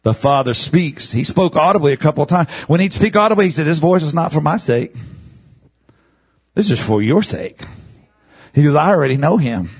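A man preaching a sermon, dropping low then rising into loud, high shouts. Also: animated, normal speed, breathy edge.

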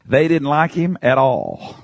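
A man preaching an expository Bible sermon in a conversational way, swinging between high emphatic outbursts and low hushed asides and asking his listeners questions. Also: wildly swooping pitch, measured pace, creaky, no echo.

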